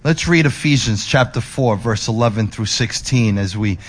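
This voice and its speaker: A male pastor preaching, moving between emphatic raised lines and soft, low ones, with restless repetitions and restarts. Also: normal speed. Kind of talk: sermon.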